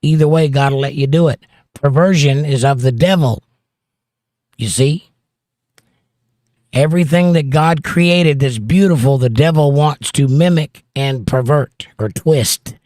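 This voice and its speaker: A man's voice: a little high, measured pace, darkish tone, no room sound, clean studio sound. A man hosting a casual livestream, reading viewer comments aloud and chatting about them. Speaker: livestream host reading chat.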